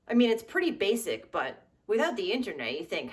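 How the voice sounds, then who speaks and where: A woman in her thirties giving sarcastic, comedic commentary on nostalgic trends, swearing and throwing in animated asides. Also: mid-range voice, fairly quick. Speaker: comedy vlogger.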